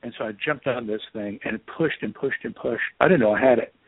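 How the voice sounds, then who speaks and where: A man, an author guest in an interview, telling a story in an animated, self-deprecating way over a phone line. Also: medium pitch, a little fast, breathy edge, dry recording. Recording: tinny dry phone line.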